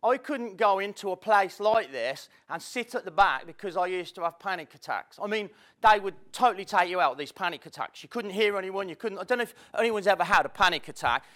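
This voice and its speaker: High, lively man giving a seminar talk. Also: brisk. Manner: chatty, self-mocking, spontaneous storyteller. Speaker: motivational speaker. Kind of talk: live seminar talk to an audience. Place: seminar room with audience. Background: audience laughter.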